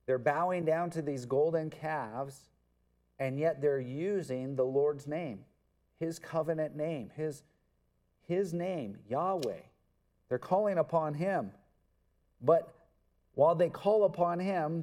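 Male pastor, sermon delivery, slow and emphatic, slightly high warm voice. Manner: earnest, emphatic, repeats words for stress. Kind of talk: expository sermon.

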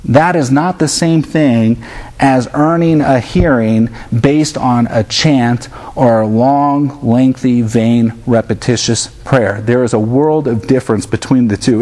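A man in his thirties preaches with a slightly higher-than-usual voice. His delivery is earnest and direct. He drops into playful impressions of his children to illustrate his points. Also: a little mellow. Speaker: pastor. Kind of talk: sermon.

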